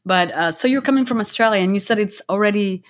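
A woman's voice: medium pitch, fast. A woman hosting a casual podcast interview, hesitant and restarting her sentences often. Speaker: podcast host.

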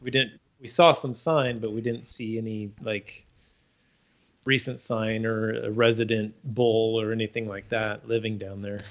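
A man's voice: lowish voice, level tone, measured pace, highs cut off. A man in a casual talk, answering in a laid-back way with short replies. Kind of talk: casual chat.

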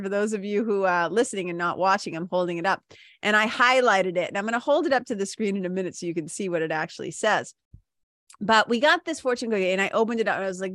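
A woman's voice: mid-range voice, fairly bright tone, no echo, studio quality. A middle-aged woman hosting her own podcast, talking casually, laughing often and swearing freely. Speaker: podcast host and spiritual mentor. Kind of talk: casual solo podcast talk.

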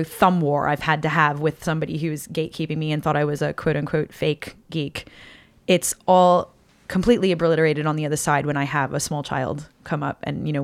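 Woman, 30s, cosplayer guest. Animated storyteller, gravelly, close dry sound. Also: sits low, no echo. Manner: animated storyteller, laughs often. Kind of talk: casual podcast chat.

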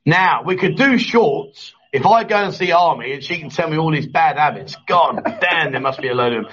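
A man's voice: on the high side, lively intonation, normal speed, few pauses, a bit bright, husky, dull audio. A man hosting a casual live chat show, joking and teasing his co-host.

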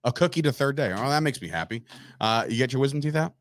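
A man's voice: mid-range voice, animated, dry recording, clean studio sound. Brash joking sports talk host, man. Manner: brash, joking, quick to tease. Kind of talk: casual sports radio chat.

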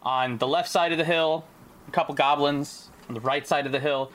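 A man's voice: a little high, fairly even intonation, normal speed, fairly bright tone. Brash joking young man running a game. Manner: brash, joking, swears freely. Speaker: dungeon master. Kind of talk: running a tabletop game podcast.

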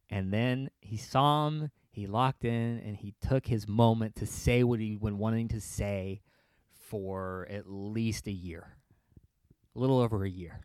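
A man's voice: lowish voice, darkish tone, no room sound. A man hosting a podcast, telling a story in a sarcastic, comic rant, laughing often and dropping into whispers for the voices he acts out. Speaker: podcast host. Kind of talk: comedic ranting monologue.

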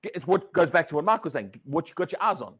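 A man from Britain preaching a sermon, animated, repeating words and asking his congregation questions. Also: on the high side, fast, breathy edge. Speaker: pastor.

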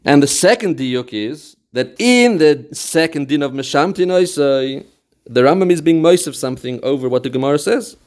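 A man's voice: a little high, animated, moderate pace. A man teaching a Talmudic text, explaining it step by step and quoting passages in a study chant. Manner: mixes English with Yiddish and Hebrew terms. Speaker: Torah teacher.

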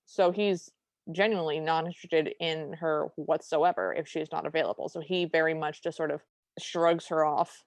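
A woman's voice: on the low side, no echo. A woman co-hosting a podcast, recapping a film in casual chat with wry, exasperated storytelling into a close mic. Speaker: podcast co-host.

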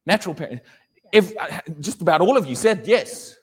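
A man preaching a sermon to a congregation, animated and questioning his listeners, often acting out little dialogues. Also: high voice, moderate pace, breathy edge, in a large hall.

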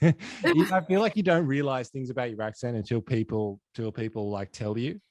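A man's voice: medium pitch, normal speed, a little mellow, no room sound. An Australian man hosting an interview, rambling casually with lots of fillers. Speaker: podcast host.

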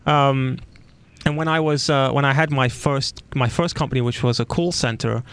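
A man's voice: medium pitch, normal speed, smooth. Chatty man hosting an interview. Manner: animated storytelling, acts out quoted voices. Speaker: podcast host. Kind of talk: casual interview chat.

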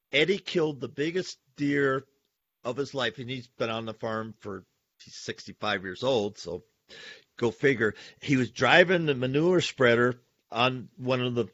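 A man's voice: mid-range voice, pushed and bright, dry recording. A man hosting a podcast, telling stories animatedly and calling listeners "folks". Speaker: podcast host. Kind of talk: casual podcast conversation. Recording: dull lo-fi sound, dry.

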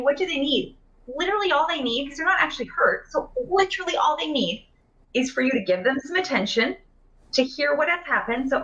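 A woman's voice: high voice, moderate pace, fairly bright tone. Chatty woman on a lo-fi video call. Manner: chatty, many fillers and restarts. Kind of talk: casual conversation about emotional healing.

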